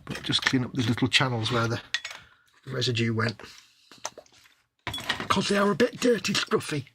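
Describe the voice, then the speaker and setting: A man's voice: medium pitch, expressive, moderate pace. A man chatting casually while building a scale model, jokey and rambling, with playful wordplay. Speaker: co-host of a modelling livestream. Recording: noisy home livestream audio.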